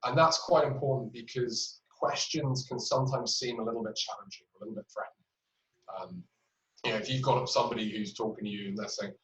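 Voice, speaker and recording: A man's voice: medium pitch, expressive, fairly quick, a bit bright. A man teaching clinical communication skills in a webinar, explaining with patient examples and frequent fillers. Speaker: clinical trainer. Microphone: webinar recording. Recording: roomy, distant, dull audio.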